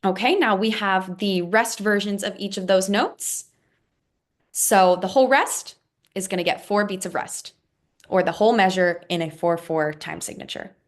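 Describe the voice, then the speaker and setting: A woman's voice: mid-range voice, moderate pace. A woman teaching a music lesson, patiently explaining rhythms and counting them out aloud.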